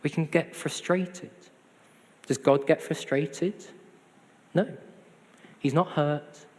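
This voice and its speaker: A man's voice: a little high, fairly even intonation, slow pace. A man preaching a sermon, conversational with self-deprecating humor. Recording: hall reverb.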